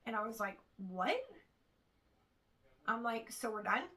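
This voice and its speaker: A woman's voice: on the high side, lively intonation, slow, pushed and bright, low-quality recording. A woman in her thirties telling a frustrated personal story to camera, acting out what others said along the way. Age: 30s. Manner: frustrated, retelling with quoted dialogue. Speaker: vlogger. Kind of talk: casual storytime vlog.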